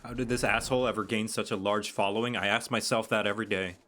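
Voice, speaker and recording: A man's voice: lowish voice, fairly even intonation, quick pace, fairly bright tone. A man streaming a video game, chatting casually and joking offhandedly. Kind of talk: casual live commentary. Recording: game music under voice. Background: video game music.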